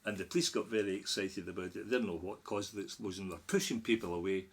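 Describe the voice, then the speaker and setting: This Scottish podcast guest is middle-aged, with a low voice and a fast way of talking. He's spinning a casual anecdote with rising animation, breaking into laughter along the way.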